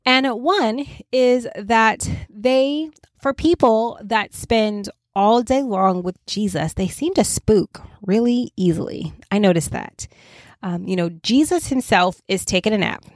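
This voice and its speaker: A woman teaching a relaxed Bible study, talking conversationally with frequent "right?" asides and lively quoting. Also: mid-range voice, slow, no room sound. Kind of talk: casual Bible study talk.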